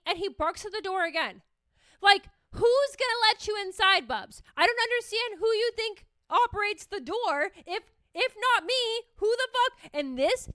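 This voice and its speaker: High, bright-voiced woman podcast host. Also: no room sound, studio quality. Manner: swears freely, rambling comic storytelling. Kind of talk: casual solo podcast chat.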